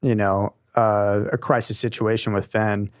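Animated young man on a podcast. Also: on the low side, a little slow, no echo, studio quality. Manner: animated, rambling, enthusiastic. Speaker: podcast co-host. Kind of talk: casual podcast chat.

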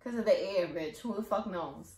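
Young woman, low voice, blunt, swearing, hesitant fillers, casual chat, echoey room. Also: lively intonation, moderate pace, darkish tone. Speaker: co-host. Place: shared home.

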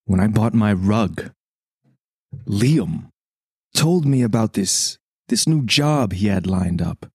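A man's voice: fairly low pitch, lively intonation, slow, a little mellow, slightly rough, dry recording, studio quality. A man playing a tabletop game, riffing in a theatrical, mock-earnest comedic style. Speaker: player. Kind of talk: comedic improv.

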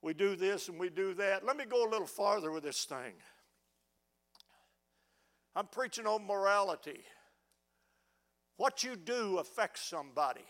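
A man's voice: high-pitched, animated, normal speed, pauses often, fairly bright tone. A middle-aged man preaching a fervent sermon, often stammering as he restarts words. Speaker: pastor. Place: church sanctuary.

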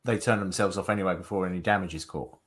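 A man's voice: deep voice, fairly even intonation, fast talker, a bit bright, slightly rough. A man co-hosting a podcast in casual banter, chatty and laughing a lot. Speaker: podcast co-host.

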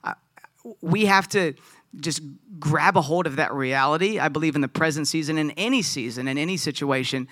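A man's voice: a little high, moderate pace, sharp tone, dry recording, clean studio sound. A man preaching a conversational sermon as pastor, earnest and thinking aloud with frequent restarts.

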